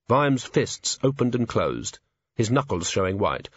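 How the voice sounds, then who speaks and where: A man narrating an audiobook in a measured, steady storytelling voice. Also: on the low side, slightly rough, dry recording. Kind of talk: scripted narration. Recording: dry, slightly dull audio.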